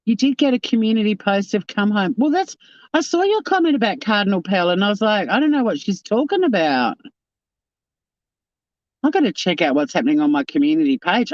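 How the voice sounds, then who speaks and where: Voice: mid-range voice, big pitch swings, fast talker, no room sound. A livestream host, chatting casually with viewers and reading chat, swearing freely and laughing often. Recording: dull lo-fi dry sound.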